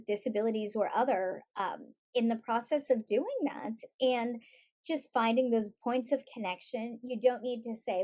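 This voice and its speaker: A middle-aged woman, a guest on a podcast, telling stories in a lively way and acting out the voices she quotes. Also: a little high. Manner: animated storytelling, acts out quoted voices. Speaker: guest, author and parent. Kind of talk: conversational podcast interview.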